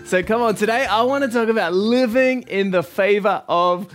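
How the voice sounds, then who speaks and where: A man's voice: sits high, normal speed, fairly bright tone, soft background music. A young male pastor, preaching a sermon in an encouraging, conversational way.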